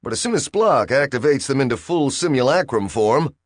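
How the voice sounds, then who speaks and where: A man's voice: mid-range voice, animated, a little fast, no echo, studio quality, voice pushed up, close to an everyday voice. Male reader as a clipped, testy captain giving orders. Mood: commanding. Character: commanding male spaceship captain, strained and testy.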